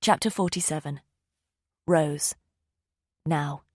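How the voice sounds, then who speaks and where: Low-voiced woman reading a thriller. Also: slow, a little mellow, no echo, studio quality. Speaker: audiobook narrator. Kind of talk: scripted narration.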